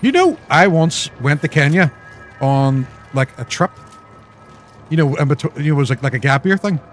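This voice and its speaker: A man's voice: on the high side, sing-song, normal speed. Rambling, joking man on a gaming stream. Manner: joking, rambling storyteller, sweary. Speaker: guest co-op player. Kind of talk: casual gaming stream chat.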